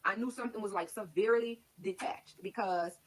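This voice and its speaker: Speaking a little fast in a medium-pitched voice, a woman casually shares her own life story with the people watching her stream. Her account is candid and meandering, loaded with "like", and the streaming mic picks up slight background noise and poor audio overall.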